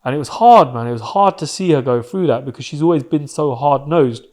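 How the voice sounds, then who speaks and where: A man's voice: fairly high pitch, expressive, a little fast, a little mellow. Candid man telling his story. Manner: candid, emotional, swears, slangy. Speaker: podcast guest. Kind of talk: personal storytelling.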